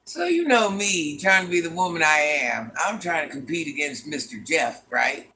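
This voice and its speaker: Guy hosting a live stream as granny, super chatty, keeps calling folks honey bun, bright tone. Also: a little high, lively intonation, normal speed, a little hiss or hum. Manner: chatty, dramatic, calls viewers "child" and "honey bun"; repeats lines for comic effect. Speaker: livestream host playing a granny persona. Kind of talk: casual livestream chat.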